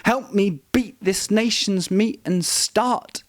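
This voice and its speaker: A man's voice: sits high, slow pace. A man performing a spoken word poem with an aggressive, profane, rhythmic rhyming delivery.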